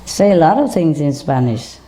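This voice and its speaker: Soft-spoken low-voiced woman, gently coaxing. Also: very animated, normal speed. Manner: gentle coaxing, chuckling often. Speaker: spiritual teacher speaking to a group. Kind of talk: casual talk to an audience and a pet bird.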